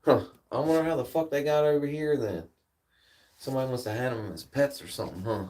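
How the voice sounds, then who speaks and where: A man's voice: medium pitch, quick pace, a little mellow, distant mic. A man chatting casually to viewers on a livestream, rambling and swearing freely as he tells stories. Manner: laid-back rambling storyteller, swears freely. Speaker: livestream host.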